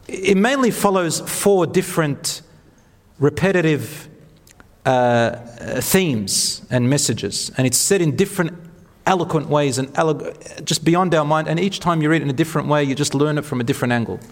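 A man's voice: fairly high pitch, expressive, normal speed, in a large hall. A man giving an earnest, encouraging religious talk, telling stories to an audience. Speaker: speaker at a talk.

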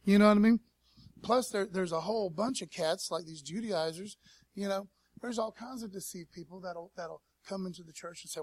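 A pastor preaching a casual sermon at a church service, in a laid-back, slangy way and calling on the congregation to respond. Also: male voice, sits high, normal speed, slightly rough, dry recording. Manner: laid-back slangy preaching, peppered with "man" and "you know what I mean"; calls for audience response.

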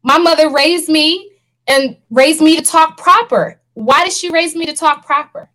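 High-voiced earnest woman co-host. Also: unhurried, poor audio. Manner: earnest, animated, laughs often. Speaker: podcast co-host. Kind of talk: casual panel discussion.

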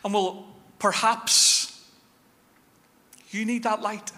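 A man preaching a sermon as pastor, telling stories with lively shifts between quick bursts and slow, weighty phrases. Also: high voice. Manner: animated storytelling, shifting fast and slow. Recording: long hall reverb.

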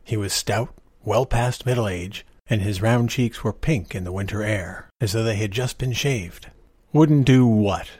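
A man reading a short story aloud in a measured, expressive way, with a husky voice. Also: lowish voice, dry recording, studio quality.

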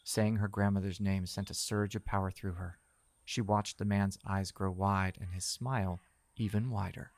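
Man narrating a dark horror story, low gravelly voice, measured and tense. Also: fairly even intonation, no echo.

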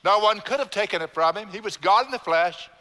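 Bright-voiced preaching pastor in a hall. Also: male voice, high-pitched, animated, fairly quick. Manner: preaching with emphatic repetition and congregation call-and-response. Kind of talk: sermon. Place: church sanctuary. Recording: long church hall reverb.

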